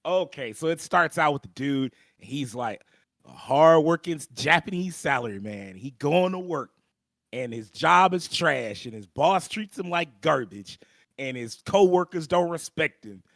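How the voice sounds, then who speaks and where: A young man co-hosting a podcast, recapping an anime plot in a slangy, animated storytelling manner and clearing his throat often. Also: a little high, unhurried, no room sound, studio quality. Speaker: podcast co-host. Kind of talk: casual anime recap chat.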